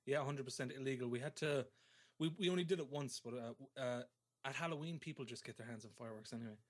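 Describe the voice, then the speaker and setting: This young Irish man chats loosely on a casual web radio show, full of swearing and teasing banter. His voice sits at an ordinary middle pitch for a man. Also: fast talker. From Ireland. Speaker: talk show co-host. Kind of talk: casual online radio chat.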